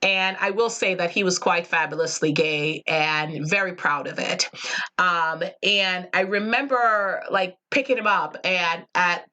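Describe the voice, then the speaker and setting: A Jamaican woman hosts a casual solo podcast, speaking with a slight Jamaican accent in a lowish, bright, forceful voice. She talks a little slowly, earnestly and reflectively, with many fillers.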